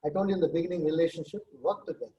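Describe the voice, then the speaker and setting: A man speaks as a guest on a nursing talk show. He tells case stories and acts out the quoted lines. His voice is mellow and a little high, and the room around him echoes. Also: racing. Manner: animated storyteller, acts out quoted dialogue. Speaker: guest speaker, senior nurse leader. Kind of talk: conversational talk-show answers with examples.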